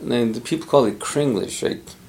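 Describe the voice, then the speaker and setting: Brief: middle-aged man, gravelly, unhurried, thoughtful interviewee. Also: mid-range voice, darkish tone. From Pimicikamak Cree Nation, Canada. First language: Cree. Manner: measured, thoughtful, pauses often to find words. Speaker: interviewee, former Cree teacher. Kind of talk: conversational interview.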